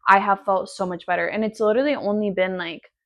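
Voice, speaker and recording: A woman's voice: medium pitch, steady tone, quick pace, a bit bright. A woman in her twenties hosting a casual solo podcast from home, sassy, profane and rambling. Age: 20s. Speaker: podcast host.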